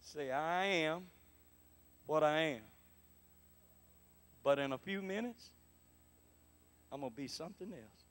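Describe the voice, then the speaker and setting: A man delivers a prophetic sermon in a church, his voice sitting high in pitch. The tone is bright and forceful, and he moves between hushed, intimate asides and loud, emphatic declarations, repeating phrases and calling for the congregation to answer. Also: slow, pauses often. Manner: emphatic, repetitive, swings between soft murmurs and loud exclamations. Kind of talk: prophetic sermon with call and response. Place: church sanctuary.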